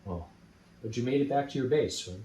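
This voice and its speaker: A man interviewing a veteran, soft-spoken and prompting with questions. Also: medium pitch, fairly quick. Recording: distant roomy mic with faint ambience.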